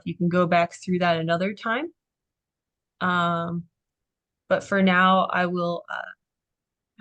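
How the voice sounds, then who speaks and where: Slow, encouraging woman tutor. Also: fairly low pitch, fairly bright tone. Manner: encouraging, unhurried, with frequent fillers. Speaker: Greek workshop tutor. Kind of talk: online tutoring session.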